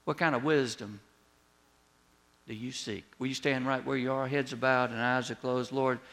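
A man preaching a sermon as a pastor, telling a personal story with lively retold dialogue and words that drop soft at the ends of lines. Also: mid-range voice, moderate pace. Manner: storytelling, animated when retelling, drops soft on closing words.

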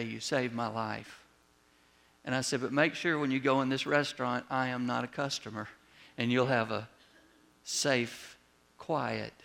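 Preacher guy telling a story in his sermon, gravelly voice, kinda bright and forceful. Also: medium pitch. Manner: storytelling, animated when retelling, drops soft on closing words. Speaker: pastor.

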